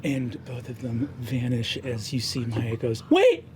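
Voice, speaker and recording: A man narrating as game master in a tabletop game, in a measured, descriptive way. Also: medium pitch, little pitch movement, heavy background noise. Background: music.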